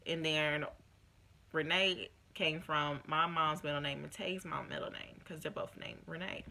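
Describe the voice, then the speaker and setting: A woman's voice: low-pitched, a little slow, vocal fry. A young woman vlogger telling a personal story in a casual, emotional way, acting out what others said. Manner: emotional, animated retelling with quoted voices.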